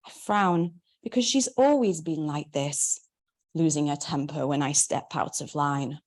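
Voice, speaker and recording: A woman, reading her memoir aloud in a wry, measured way. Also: deep voice, a little mellow. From Manchester, England. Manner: wry, measured first-person narration. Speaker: memoir author.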